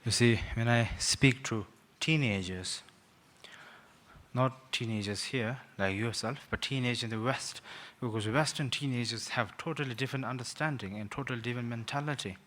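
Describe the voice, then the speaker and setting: Man rambling through a gentle teaching talk. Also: mid-range voice, moderate pace. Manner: rambling, self-mocking, with frequent "sort of" and hesitations. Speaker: Buddhist teacher, guest speaker. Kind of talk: informal teaching talk to young people.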